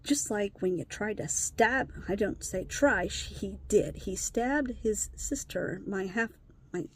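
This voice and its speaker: A woman's voice: medium pitch, takes it slowly, a little hiss or hum. A woman talking bluntly in a candid personal vlog, upset and emotionally worn, swearing casually. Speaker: vlogger.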